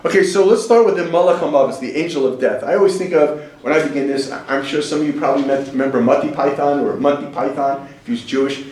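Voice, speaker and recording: A man's voice: fairly high pitch, fast talker, few pauses, a little mellow. A middle-aged man teaching a class in a chatty, joking way, acting out quotes in funny voices. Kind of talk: casual lecture to a class. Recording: echoey room, voice from far off.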